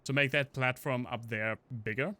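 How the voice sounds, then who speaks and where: A man's voice: mid-range voice, steady tone, moderate pace, bright, forceful tone, dry recording. A man casually commenting on a game stream, joking and chatting with his viewers while he plays. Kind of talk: casual gameplay commentary to chat.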